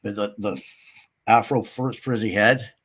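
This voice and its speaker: A man's voice: unhurried, fairly bright tone, breathy edge. An older man, a guest in a casual interview, telling a rambling story and acting out what others said. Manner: rambling, acts out quotes with sudden higher pitch.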